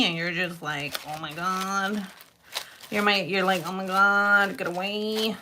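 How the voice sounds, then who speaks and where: A woman's voice: medium pitch, sharp tone, a little hiss or hum. A young woman casually chatting with her viewers while she works with clay, giggling often. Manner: chatty, giggly, talks to live chat viewers. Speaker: polymer clay livestream host. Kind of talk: casual livestream chat while crafting.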